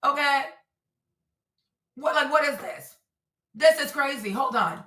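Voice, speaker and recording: Animated woman streamer in echoey room. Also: high voice, a little slow, recorded from a distance. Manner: animated, repetitive, talks to her audience. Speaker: streamer commentator. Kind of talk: livestream commentary. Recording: roomy echo, voice a bit off-mic.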